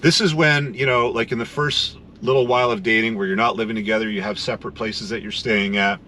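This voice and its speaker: Casting: man, low bright tense voice, measured explainer, faint noise behind. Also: fairly even intonation. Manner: measured, explanatory, many "you know" fillers. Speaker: podcast co-host. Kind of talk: casual chat, explaining relationship advice.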